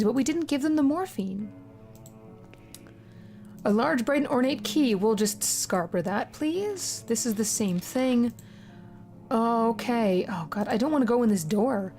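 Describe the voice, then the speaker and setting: A woman playing a horror video game, reacting excitedly with frequent swearing and reading the on-screen text aloud. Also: on the high side, moderate pace, faint music behind. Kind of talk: casual let's-play commentary.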